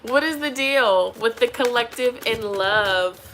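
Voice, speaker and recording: A woman's voice: fairly high pitch, takes it slowly, fairly bright tone, a little hiss or hum. A pregnant young woman doing a tarot reading, chatting casually with viewers and laughing often. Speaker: tarot reader.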